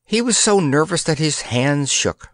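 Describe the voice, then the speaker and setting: A man reading a children's storybook aloud in an expressive, measured manner. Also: on the high side, no room sound, studio quality. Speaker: audiobook narrator. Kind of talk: scripted audiobook narration.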